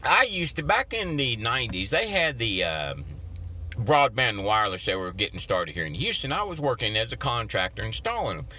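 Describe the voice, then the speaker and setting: A man's voice: mid-range voice, sing-song, normal speed, pushed and bright, husky. A man hosting a motivational podcast, talking in a folksy, preacherly way and acting out his own inner voices. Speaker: podcast host.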